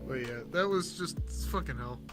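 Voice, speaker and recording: A young man on a casual podcast, telling a story in an animated way, swearing freely and laughing at himself. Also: a little high, normal speed, over music. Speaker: podcast co-host. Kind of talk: casual chat.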